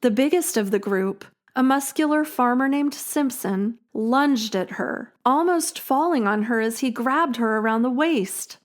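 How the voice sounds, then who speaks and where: A woman hosting a storytelling podcast, reading a scripted story in a measured, dramatic way. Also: fairly high pitch, animated. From Illinois, USA. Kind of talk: scripted narration.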